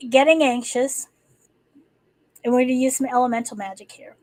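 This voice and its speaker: Rambling woman with a higher voice. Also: fairly even intonation, racing, warm tone, no echo, low-quality recording. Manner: rambling, many restarts and fillers. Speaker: livestream host. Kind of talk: casual spoken talk.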